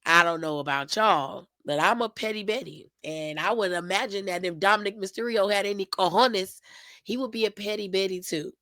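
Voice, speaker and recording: A woman's voice: mid-range voice, moderate pace, pushed and bright, dry recording, rough recording. A woman hosting her own wrestling recap show, talking sassy and gossipy in a slangy way with lots of asides to her viewers. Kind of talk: casual recap commentary to camera.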